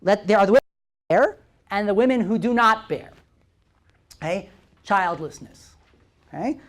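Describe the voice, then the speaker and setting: Lively male lecturer quizzing his audience. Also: high-pitched, moderate pace. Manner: constantly checks in with "right?" and "okay?"; poses questions to the audience. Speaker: visiting lecturer.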